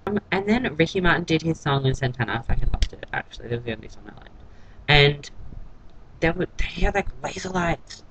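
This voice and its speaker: A man's voice: on the high side, expressive, brisk, a bit bright, slight background noise, low-quality recording. Catty man gossiping. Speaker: TV episode reviewer. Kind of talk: casual vlog recap.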